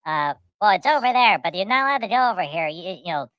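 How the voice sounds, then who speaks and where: A woman's voice: mid-range voice, expressive, fast, no echo, muffled recording. A woman telling long comic stories in casual chat, repeating words, restarting, and acting out the people in them. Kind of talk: rambling comic storytelling.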